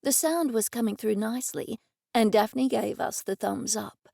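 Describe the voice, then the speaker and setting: Woman narrator, expressive audiobook reading, slightly high, gravelly, close and dry. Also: normal speed, no room sound. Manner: lively, expressive reading in first person. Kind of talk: scripted narration.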